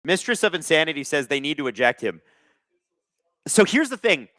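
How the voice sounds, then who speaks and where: A man hosting a live hockey watch-along, reading viewer chat aloud and calling plays with excitable energy. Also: on the high side, normal speed, dry recording, clean studio sound.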